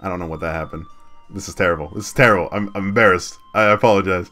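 A man's voice: low-pitched, quick pace, sharp tone, soft background music. A man chatting casually on a game live stream, laughing and self-deprecating, with lots of fillers.

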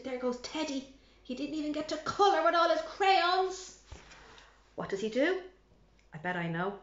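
Animated librarian reading a storybook. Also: female voice, high voice. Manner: animated and playful, asking the listeners questions and whispering for suspense. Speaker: children's librarian. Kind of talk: reading a picture book aloud to children. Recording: slightly dull lo-fi recording.

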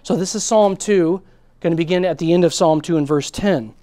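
A man delivers a sermon with a light, high-pitched voice that climbs on emphatic words and sinks into hushed asides. The sound is dry and close, with no room around it. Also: steady tone, brisk, no room sound. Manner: earnest preaching, rising and dropping between emphatic and hushed. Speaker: pastor.

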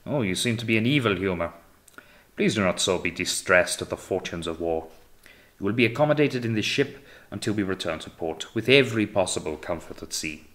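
Audiobook: man voicing a courteous young French privateer captain, suave, formal, deep-voiced. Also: expressive, a little fast, fairly bright tone. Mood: politely courteous.

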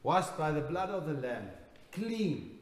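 A man preaching a sermon in a church, swinging between loud emphatic bursts and quiet, intense passages. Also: on the high side, very animated, takes it slowly, slight background noise. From South Africa. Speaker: pastor.

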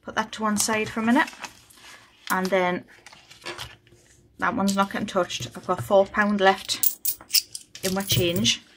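A woman's voice: mid-range voice, steady tone, unhurried, long pauses, noisy background. A woman chatting casually on a budgeting vlog, thinking aloud as she counts money. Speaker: budgeting vlogger. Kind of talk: casual chat while cash stuffing.

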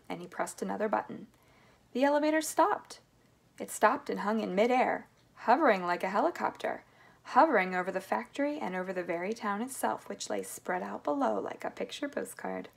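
A woman reading a children's book aloud in a lively, expressive way. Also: mid-range voice, creaky. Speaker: reader.

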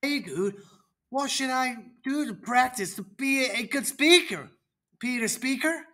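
Performer voicing a chill surfer-dude student, slangy, slow questions, lively pitch. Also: exaggerated voice. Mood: curious. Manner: casual slang, drawn-out questions. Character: laid-back, curious surfer-dude student. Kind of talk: children's educational roleplay.

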